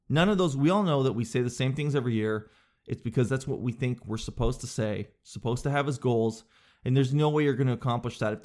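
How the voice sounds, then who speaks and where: A man delivering a comedic monologue, sarcastic, breaking into high silly voices to mock people.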